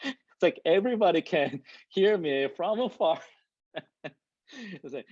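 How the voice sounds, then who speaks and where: A man who speaks English as a second language, giving a lively, loud talk to a live and online audience, laughing often and asking the room "right?". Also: fairly high pitch, measured pace, long pauses, no room sound. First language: not English. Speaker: guest speaker. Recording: dull lo-fi recording.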